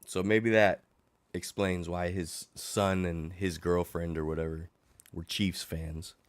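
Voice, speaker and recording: Middle-aged man, low voice, sick and coughing, sarcastic rant, livestream host, dry close mic. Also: takes it slowly, no room sound. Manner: animated, sarcastic, worked up. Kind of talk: casual ranting chat.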